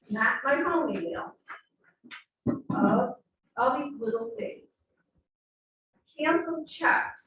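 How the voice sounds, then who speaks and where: A woman with a Western New York accent tells a personal story at a slow, deliberate pace, her voice sitting a little high. She acts out the lines of the people in her story. She is picked up from across a very echoey meeting room, with faint room noise behind her. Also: far from the mic. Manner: animated storyteller, acting out quoted dialogue. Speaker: club speaker. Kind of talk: storytelling speech.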